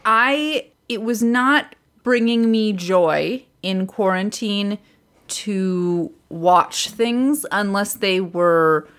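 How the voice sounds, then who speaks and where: Loud, swearing woman podcast co-host. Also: medium pitch, extremely slow. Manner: loud, swears freely, rambling. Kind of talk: casual chat.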